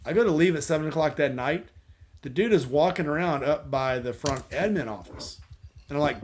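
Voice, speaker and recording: A man's voice: mid-range voice, fairly quick. A man hosting a casual chat with friends, telling a long rambling anecdote full of quoted dialogue and restarts. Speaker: host.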